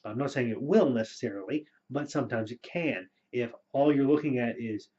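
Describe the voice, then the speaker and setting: Casual male storyteller, mid pitch, lo-fi muffled sound, chatty and filler-heavy. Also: a little fast. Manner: relaxed, rambling with frequent fillers. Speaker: storyteller and game master. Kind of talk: casual spoken advice video. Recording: dull lo-fi recording.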